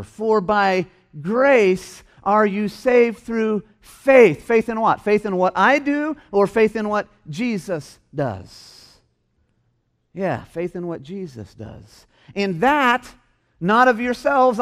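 Emphatic high-voiced male preacher. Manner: emphatic, repeats key phrases for stress. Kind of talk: sermon. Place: church hall.

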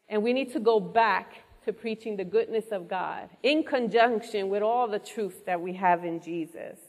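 A woman preaching a sermon to a congregation, earnest and engaging, often asking the room questions. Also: mid-range voice. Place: church hall before a congregation. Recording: long hall reverb.

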